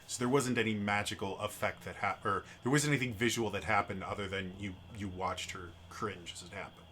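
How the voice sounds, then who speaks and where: A man narrating as game master of a tabletop game, casual and relaxed, with frequent fillers. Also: on the low side, fairly quick, slight background noise.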